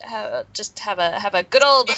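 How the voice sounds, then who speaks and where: A woman's voice: mid-range voice, moderate pace, creaky, pushed and bright, no room sound, muffled recording. A woman playing a tabletop game, stammering and playful in character. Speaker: player. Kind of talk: tabletop role-play.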